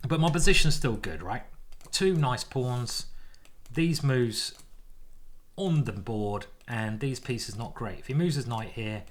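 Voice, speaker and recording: A man, a chess grandmaster, giving lively, self-mocking live commentary on his own games as he plays them. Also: medium pitch, slow pace. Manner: animated, exclaiming, self-mocking banter.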